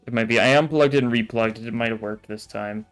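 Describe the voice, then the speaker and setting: A man's voice: medium pitch, fast, clear, resonant tone, soft background music. A man streaming a game, giving casual, rambling commentary full of filler words. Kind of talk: casual let's-play commentary.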